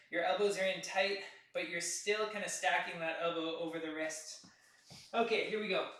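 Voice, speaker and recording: Bright-voiced man coaching a workout. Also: high-pitched. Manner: counting out reps, steady coaching cues. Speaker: fitness instructor. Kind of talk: live workout class instruction. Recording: echoey room, voice from a distance.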